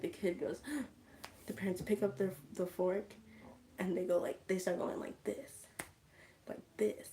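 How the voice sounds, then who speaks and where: A woman's voice: medium pitch, warm tone, a little hiss or hum. A woman hosting a livestream, casually retelling a film and dropping into whispers for suspense. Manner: slow storytelling, drops to whispers. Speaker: livestream host. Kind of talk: casual movie recap.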